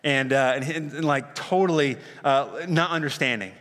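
A man's voice: medium pitch, normal speed, fairly bright tone. A man preaching a sermon in a casual, earnest way, with lots of fillers and slang. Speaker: pastor. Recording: reverberant hall.

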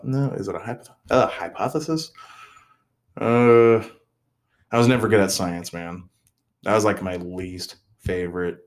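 A young man hosting a casual solo podcast, rambling and joking at his own expense, often trailing off and restarting. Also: sits low. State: mentally tired. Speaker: podcast host.

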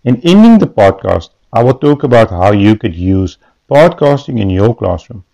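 Mellow-voiced South African young man. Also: mid-range voice, muffled recording. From Western Cape, South Africa. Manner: steady, instructive. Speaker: student presenter. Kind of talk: reading a prepared class podcast script.

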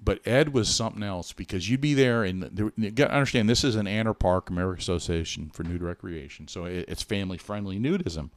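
A middle-aged man co-hosting a podcast, telling a personal story in an earnest, animated way with many restarts. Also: fairly low pitch, quick pace, few pauses, no echo. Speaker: podcast co-host. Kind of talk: casual storytelling chat.

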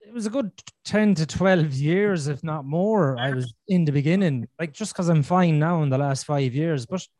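A middle-aged man hosting a podcast, telling his own story candidly, swearing freely and talking with animated frankness. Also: on the high side, moderate pace, no echo, studio quality. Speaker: podcast host.

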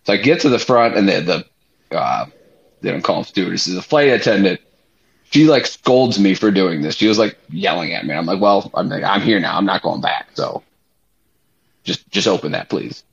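A young man on a podcast, telling a story in a loose, animated way, swearing freely and using lots of fillers. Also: sits low, normal speed, vocal fry. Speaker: podcast co-host. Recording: slightly muffled podcast audio.

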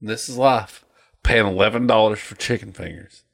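A man's voice: normal speed, gravelly. A man in his thirties, co-hosting a podcast in casual, jokey chat that rambles. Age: 30s. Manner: rambling and jokey, lively pitch. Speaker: podcast co-host.

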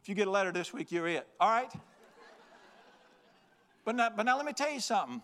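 A man's voice: high voice, lively intonation, brisk, a bit bright. A man preaching a folksy, joking, emphatic sermon. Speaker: pastor.

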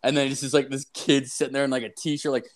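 Young guy, casual storyteller, loose and profane, full of filler, mid-pitched. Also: flat delivery, quick pace. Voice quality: profane, rambling, heavy with filler words. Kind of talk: casual chat.

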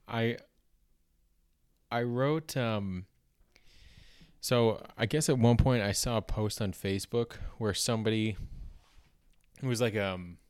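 Young man, Canadian accent, comedy podcast host, low voice, rambling, self-deprecating, lots of fillers, dry close mic. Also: no echo. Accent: Canadian English. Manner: meandering, self-deprecating, full of fillers and restarts. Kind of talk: casual rambling comedy monologue.

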